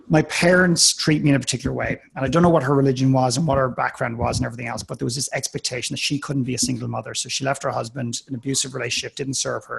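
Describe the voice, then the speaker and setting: A man's voice: medium pitch, vocal fry, slightly rough. A man in a live coaching call, talking earnestly and directly, often restarting his words. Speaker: life coach.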